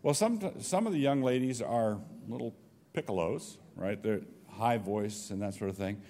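A man leading a workshop for teachers and taking questions, talking in a halting way with frequent restarts. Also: on the low side, lively intonation, dark tone. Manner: halting, restarts, thinks aloud. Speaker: teacher trainer. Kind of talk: workshop talk with Q&A. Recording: long reverb of a hall.

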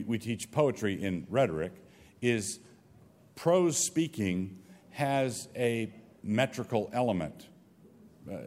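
A man leading a workshop for teachers and taking questions, talking in a halting way with frequent restarts. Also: lowish voice, a little mellow. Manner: halting, restarts, thinks aloud. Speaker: teacher trainer. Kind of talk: workshop talk with Q&A. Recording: long reverb of a hall.

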